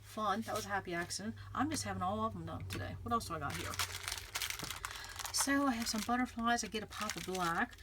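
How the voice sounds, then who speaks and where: A woman talks her way through a craft project at home, musing aloud and checking in with the viewer with a quick "okay?". Her voice sits at an ordinary middle pitch, with a faint hiss and the crinkle of paper behind her. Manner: chatty, thinks aloud, frequent "okay?" check-ins. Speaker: craft vlogger. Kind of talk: casual crafting tutorial, talking while working.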